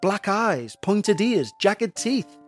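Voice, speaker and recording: A man's voice: high-pitched, sing-song, takes it slowly, pitched above the performer's own voice, full character voice. A frantic mother in a raised voice, pleading and stammering as she insists on being believed, as a male narrator puts her on. She comes from a spoken ghost story with faint music behind. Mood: insistent. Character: anxious pleading mother, middle-aged woman.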